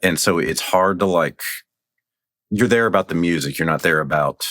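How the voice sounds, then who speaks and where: A man with a very low voice, a podcast guest talking in a loose, rambling way. He sounds excited about his subject and keeps reaching for "like" as he goes. The recording is close and dry, with no room sound. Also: moderate pace, no echo. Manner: rambling, enthusiastic, heavy use of "like". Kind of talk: casual conversation.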